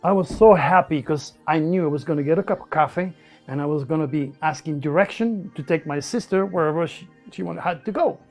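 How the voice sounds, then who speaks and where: A man's voice: fairly high pitch, fairly quick, soft background music. A man with a French accent, a native French speaker from the south of France, animatedly recounting personal stories in an interview and acting out what people said. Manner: animated storyteller who acts out quoted speech.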